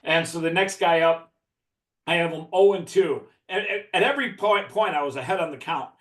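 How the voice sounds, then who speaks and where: A man's voice: on the high side, brisk, a bit bright. Profane man spinning a yarn, echoey room. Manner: profane, laughing as he tells it. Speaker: podcast guest. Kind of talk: casual storytelling.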